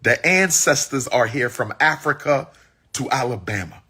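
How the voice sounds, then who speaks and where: A man's voice: mid-range voice, animated, moderate pace, bright, forceful tone, husky. A man telling an audience his personal story in a heated, exclaiming way, repeating phrases for emphasis. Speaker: public speaker.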